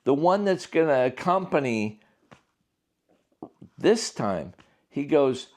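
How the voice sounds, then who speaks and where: A man's voice: a little high, sing-song, slow pace, pauses often, darkish tone. A man, an author, speaking casually and emphatically in an unscripted monologue. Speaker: author and prophecy commentator.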